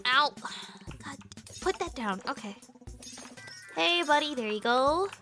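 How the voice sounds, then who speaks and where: High bright-voiced excitable woman streamer. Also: slow pace, soft background music. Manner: excitable and giggly, rambling with fillers. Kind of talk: casual gaming livestream chat.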